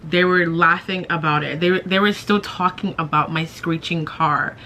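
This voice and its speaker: A woman's voice: lowish voice, fairly even intonation, normal speed, sharp tone, a little hiss or hum. A young woman vlogger telling a personal story to camera in a chatty, self-mocking way, full of "like". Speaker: beauty vlogger.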